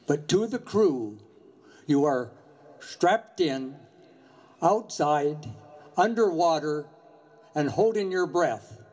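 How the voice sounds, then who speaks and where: An older man giving an earnest, measured memorial speech, telling a story from his years commanding a Coast Guard station. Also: on the high side, a little mellow.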